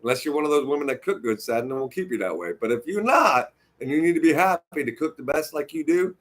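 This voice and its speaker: A man delivering a heated, unscripted rant on his stream, full of swearing. His husky voice swings widely up and down in pitch as he rambles and restarts, trying to get his point across. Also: expressive, quick pace, few pauses. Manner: restarts and repeats himself when worked up.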